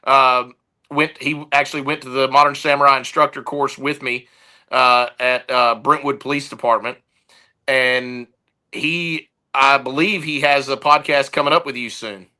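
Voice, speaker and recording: A man who heads a security firm, telling stories in an easygoing, energetic way during a casual podcast interview. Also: medium pitch, normal speed, rough recording.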